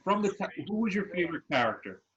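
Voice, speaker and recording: A man's voice: sits high, sing-song, fast, highs cut off, crowd noise. A laid-back man co-hosting a casual podcast over a remote call, full of fillers. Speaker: podcast co-host. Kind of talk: casual chat.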